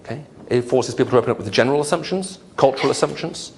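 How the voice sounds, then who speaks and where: A man's voice: mid-range voice, racing, a little mellow, a little hiss or hum. A man giving a humorous lecture to an audience, asking rhetorical questions. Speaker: lecturer on apologetics. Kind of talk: lively lecture to a live audience.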